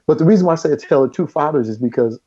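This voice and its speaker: A middle-aged man, a guest in a casual chat, telling stories in an animated way and often laughing. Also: a little high, rapid-fire, lo-fi sound.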